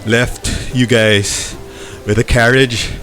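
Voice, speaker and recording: A man voicing an earnest middle-aged town governor who is out of breath and talks in halting bursts. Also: mid-range voice, steady tone, fairly bright tone, slight background noise. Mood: flustered. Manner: panting, halting, friendly.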